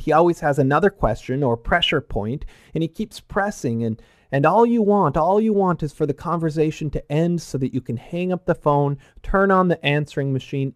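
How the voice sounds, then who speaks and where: A man giving a measured, earnest teaching talk with touches of wry humor. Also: on the high side, dry recording, clean studio sound.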